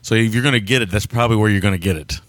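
A man hosting a laid-back film podcast, with a fairly low voice recorded dry and close. He rambles along, chuckles often and stumbles over names as he talks. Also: very fast, fairly bright tone, no room sound. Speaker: podcast co-host. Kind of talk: casual film chat.

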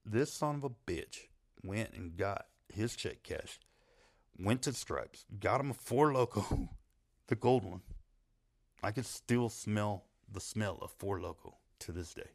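Deep gravelly man telling stories. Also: expressive, slow. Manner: rambling, swearing, laughing at his own story. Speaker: storyteller. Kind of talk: profane casual storytelling.

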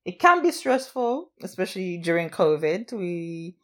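A woman's voice: on the low side, sing-song, measured pace. A woman co-hosting a podcast, chatting casually and laughing often. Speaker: podcast co-host. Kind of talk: casual chat.

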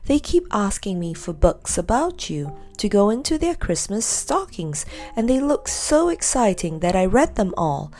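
A woman's voice: medium pitch, sing-song, measured pace, darkish tone, faint music behind. A woman reading as a jolly, exclaiming old Santa Claus. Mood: cheerful.

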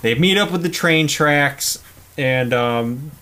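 A man's voice: on the high side, takes it slowly, sharp tone. A man casually retelling a film's plot with laughs and swearing, acting out the characters' lines as he goes. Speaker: podcast co-host. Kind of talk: casual movie recap chat.

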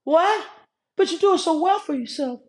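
A man's voice: very high voice, lively intonation, voice pushed up. A man voicing an incredulous listener who fires off disbelieving questions. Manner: rapid, disbelieving repeated questions. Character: incredulous listener, stunned and pestering.

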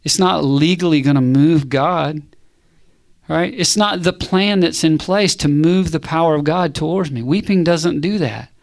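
Man preaching with animated fervor. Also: on the high side, measured pace, vocal fry. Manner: animated preaching, calls to the congregation, rhetorical questions. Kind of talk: sermon.

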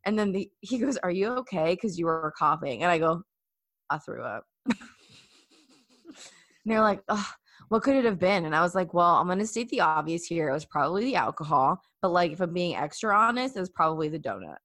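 A young woman in her twenties telling a story in casual chat, animated and full of fillers. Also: lowish voice, a little fast.

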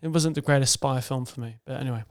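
A man co-hosting a casual film chat, chatty and quick to laugh. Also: medium pitch. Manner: chatty, laughs easily, hesitant with fillers. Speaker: podcast co-host.

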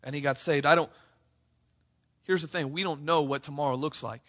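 A man preaching a sermon to his church, passionate, calling out to the congregation and rising to near shouts. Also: fairly high pitch, fairly even intonation, brisk, dull audio. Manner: impassioned, rising to near shouts on quoted cries; addresses congregation as "church", frequent "right?". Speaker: pastor.

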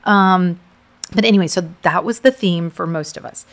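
A middle-aged woman from South Texas, telling her story in a casual conversation, animated and full of fillers. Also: fairly low pitch, normal speed. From South Texas, USA. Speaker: guest sharing her story.

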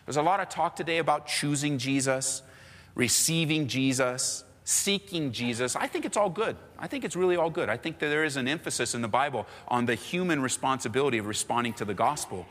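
A man's voice: medium pitch, brisk. Man preaching in a reverberant church. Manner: animated, emphatic preaching with repeated phrases; casual slang mixed into preaching. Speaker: pastor. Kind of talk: sermon.

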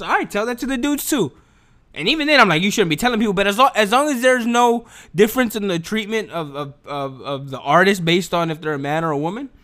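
High-pitched and sing-song, this young man talks fast in a slightly bright voice. His casual on-camera opinion rant is slangy and profane, with lots of restarts and repeated words.

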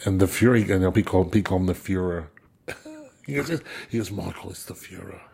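A man with a somewhat low, husky voice tells anecdotes in a relaxed conversation. He laughs often and restarts his sentences as he goes. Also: fairly quick. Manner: animated storyteller, laughs a lot, repeats words. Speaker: guest musician. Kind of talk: casual storytelling chat.

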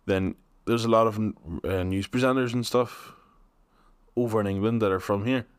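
A man's voice: fairly low pitch, steady tone, normal speed, clean tone, dry recording. A young man with a Northern Irish accent, co-hosting a podcast in playful casual chat. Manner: playful, jumps into silly voices. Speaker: podcast co-host.

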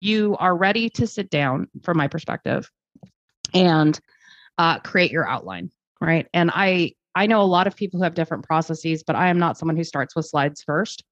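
A woman with a lowish voice talks in an articulate, reflective way, stopping to rephrase and adding fillers as she thinks. The sound is dry and a little dull, with no room around it. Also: normal speed, dry recording. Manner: thoughtful, articulate, with fillers and restarts. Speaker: guest speaker. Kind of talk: conversational podcast interview. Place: lives in Germany.

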